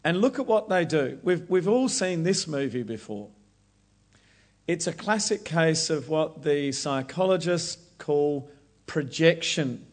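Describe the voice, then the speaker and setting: A man preaching a Bible study sermon, explaining verses slowly and deliberately. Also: on the high side, expressive.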